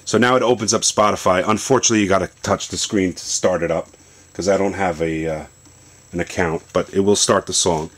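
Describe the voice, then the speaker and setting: A man's voice: sits low, steady tone, fairly quick. A man in a basement casually demonstrating a phone setup, rambling through his explanation with fillers and restarts. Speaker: tech video host.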